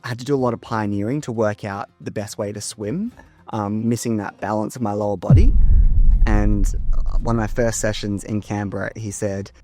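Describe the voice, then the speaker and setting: A young Australian man talking as a guest in a casual interview, relaxed, with many ums and easy laughter. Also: fairly low pitch, normal speed, faint music behind. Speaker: Paralympic swimmer, guest.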